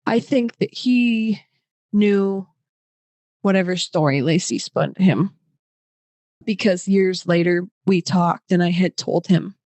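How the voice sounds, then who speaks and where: A woman's voice: lowish voice, slow, pauses often, mellow, dry recording. A young woman telling a personal story as a podcast guest, casual and emotional, with lots of fillers.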